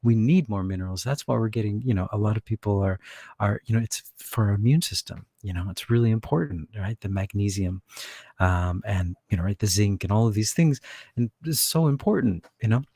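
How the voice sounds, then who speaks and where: A man with a fairly low voice talks casually in a vlog, rambling and chuckling as he goes. He often cuts himself off mid-sentence. The recording is dry and close. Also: fairly quick, mellow, slightly rough, no room sound. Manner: rambling, chuckling, self-interrupting. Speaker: channeler.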